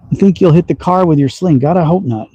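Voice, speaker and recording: A man's voice: on the high side, warm tone, breathy edge, no echo, dull audio. A man from Texas with a slight Southern accent, hosting a casual livestream and chatting while he shoots outdoors. He talks in a folksy, teasing way and chuckles often. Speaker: slingshot livestream host. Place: outdoor backyard shooting range.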